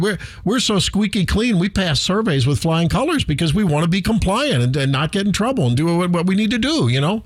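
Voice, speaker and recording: A middle-aged man hosting a talk radio show, rambling animatedly with self-deprecating asides. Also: a little high. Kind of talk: casual talk radio monologue. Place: radio studio.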